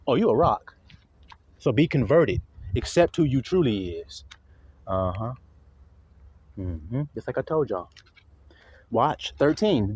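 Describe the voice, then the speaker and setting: Animated, profane man preaching a sermon. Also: husky, no echo. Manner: swings from low asides to high mocking impressions, profane; reads scripture slowly and deliberately. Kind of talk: fiery sermon with scripture reading.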